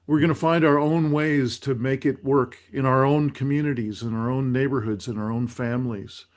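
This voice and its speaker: A man hosts a community circle and speaks reflectively. He pauses and restarts his thoughts as he talks, in a gentle manner. His voice sits at an ordinary middle pitch. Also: fairly even intonation. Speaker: host. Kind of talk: reflective group facilitation.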